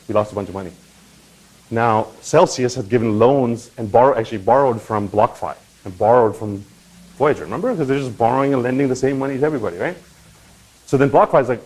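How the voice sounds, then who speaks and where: A man hosting a crypto channel, talking in a casual, animated explainer style and often checking in with "right?" and "okay?". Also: mid-range voice, quick pace, husky, low-quality recording. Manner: animated, swings into loud mock voices and profanity; conversational with frequent "right?" and "okay?".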